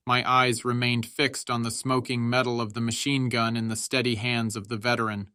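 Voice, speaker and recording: Bright-voiced male audiobook narrator, dry close mic. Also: dry recording. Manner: shouts quoted soldiers' lines with raised pitch.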